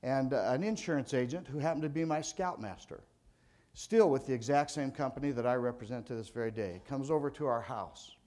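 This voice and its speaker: A man's voice: medium pitch, brisk, a little mellow. An older man from California, an insurance agent giving a motivational speech to a sales audience in a folksy, conversational storytelling manner.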